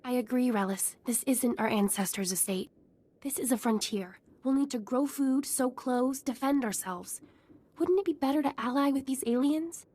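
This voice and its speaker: A woman's voice: sits high, normal speed, darkish tone. An actress playing an idealistic young woman settler in a video game, earnest and reasoned in how she speaks.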